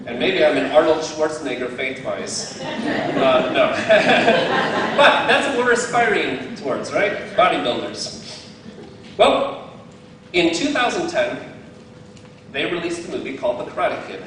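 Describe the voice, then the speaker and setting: A man's voice: a little high, big pitch swings, measured pace, long pauses, crowd noise. A man giving a casual faith talk outdoors, playful and self-mocking, often laughing at himself. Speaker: lay speaker giving a devotional talk. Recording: very echoey, distant from the mic.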